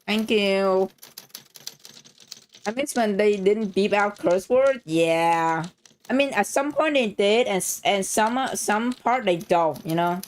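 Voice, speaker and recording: A woman streamer reading a story game aloud, reacting excitedly and swearing freely between lines. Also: mid-range voice, slow.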